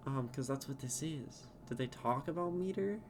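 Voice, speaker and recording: A man's voice: mid-range voice, normal speed, noisy background. A man streaming live who reads a poem aloud and then chats casually with viewers, laughing often.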